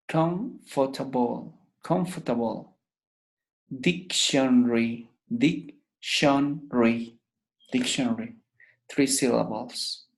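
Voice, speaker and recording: Slow, patient male English teacher. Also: mid-range voice. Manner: repeats each word slowly to drill pronunciation. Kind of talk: pronunciation lesson.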